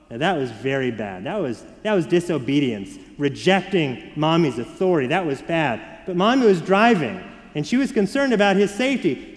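Man preaching a sermon in a reverberant church. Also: on the high side. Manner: varied and expressive, dropping soft for emphasis, rising for children. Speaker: pastor. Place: church sanctuary.

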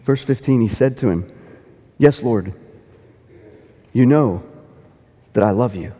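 A man's voice: medium pitch, slow pace, warm tone, in a large hall. A man preaching a sermon as pastor, earnest, repeating phrases for emphasis and lifting into quoted dialogue.

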